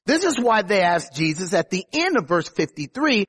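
A man's voice: high-pitched, sing-song, moderate pace, a bit bright, husky. A man preaching a sermon, teaching from scripture verse by verse and stressing key words. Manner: emphatic, rises on quoted words.

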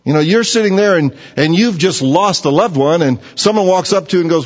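A man delivers a sermon with a lively, swooping voice that rides a little high. He talks conversationally and acts out what other people say to make his point. The sound is dull and rings with a long hall reverb. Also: a little fast. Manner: animated, mocking voices of others. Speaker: preacher.

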